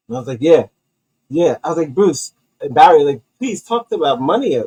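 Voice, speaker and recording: A man with a husky, slightly rough voice hosts a homemade comedy commentary show. He rants in a heated, profane, rambling way, restarting sentences as he goes. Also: on the high side, expressive, normal speed, a little mellow, rough recording.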